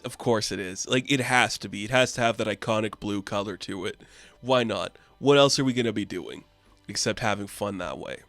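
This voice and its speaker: A man's voice: fairly low pitch, brisk, fairly bright tone, no room sound, soft background music. A man recapping a comic book in a casual, offhand and chatty way, full of fillers.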